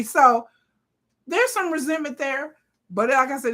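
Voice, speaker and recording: A woman, hosting a live watch party with blunt, profane, animated casual commentary. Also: high voice, measured pace, long pauses. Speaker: live-stream host.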